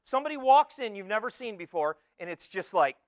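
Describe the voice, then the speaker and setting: A man in his forties giving an energetic motivational keynote talk to students, joking and teasing the crowd, swinging from loud bursts to hushed asides. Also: high-pitched, fairly quick, dry recording, clean studio sound. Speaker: keynote speaker. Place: conference hall with a student audience.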